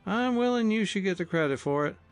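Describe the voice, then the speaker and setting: Male reader voicing a steady young skipper, firm and resolute, pitched well up. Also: a little fast, smooth, faint music behind.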